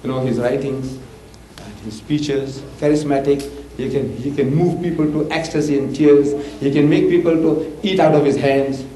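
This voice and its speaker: An older man from Africa, giving an impassioned public lecture and answering questions, with animated, forceful swings of pitch. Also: moderate pace. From South Africa. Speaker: preacher and debater. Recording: roomy hall with faint hiss, archival tape.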